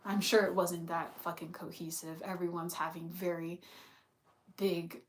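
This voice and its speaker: A woman's voice: fairly low pitch, level tone, a little slow, a little hiss or hum. A young woman telling a personal story in a casual, rambling way, full of "like" and the odd swear word, with sighs between thoughts.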